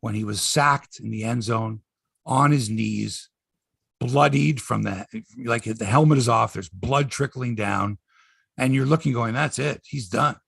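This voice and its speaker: A man's voice: medium pitch, a little slow, vocal fry, husky, no echo, studio quality. A man hosting a sports podcast, ranting in casual chat, swearing and acting out quotes in voices.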